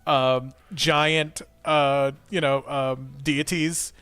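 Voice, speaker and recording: A man playing a tabletop game, talking excitedly and playfully. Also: medium pitch, drawn-out words, clear, resonant tone, dry recording. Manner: excited, playful, acts out wailing in character. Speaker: player.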